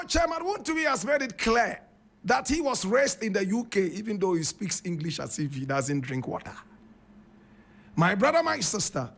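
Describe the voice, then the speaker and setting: A man's voice: high voice, vocal fry, fairly bright tone. A man giving online commentary in a mocking, exasperated, emphatic manner.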